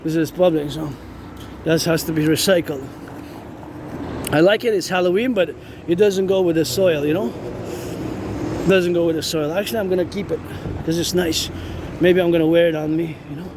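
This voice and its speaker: A man rambles as he walks, circling back over the same phrases while he thinks aloud. His voice sits a little high for a man. Loud city street noise and passing traffic surround his phone mic. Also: steady tone, moderate pace, pauses often. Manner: rambling, repetitive, thinks aloud, chants cadences. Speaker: vlogger. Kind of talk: rambling walking vlog.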